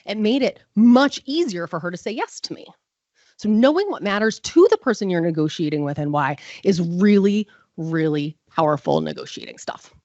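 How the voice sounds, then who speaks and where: A woman's voice: lowish voice, expressive, normal speed, a little mellow, no room sound, highs cut off. A woman giving a live conference talk, chatty and self-deprecating, full of fillers. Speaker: conference presenter.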